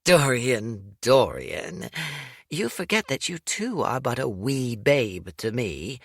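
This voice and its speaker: A man's voice: sing-song, takes it slowly, creaky, a bit bright, no echo, clean studio sound, full character voice. A male narrator voicing a shrewd, scolding old woman warlord in a raised, older-sounding voice, as an audiobook character. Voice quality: higher, scolding old-lady voice.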